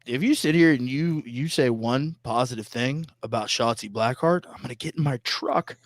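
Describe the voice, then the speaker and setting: A man's voice: medium pitch, moderate pace, no echo, studio quality. A man co-hosting a casual wrestling podcast, teasing and blunt, swearing freely. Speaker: podcast co-host.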